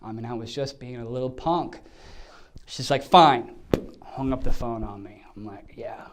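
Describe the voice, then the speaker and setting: A man's voice: mid-range voice, fairly even intonation, normal speed, background noise. A man, an actor, reflectively telling an audition story in a casual, self-deprecating way.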